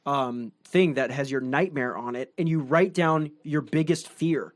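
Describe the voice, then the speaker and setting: A man co-hosting a podcast, explaining game rules in an eager, brisk way. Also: mid-range voice. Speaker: podcast co-host. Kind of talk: casual chat.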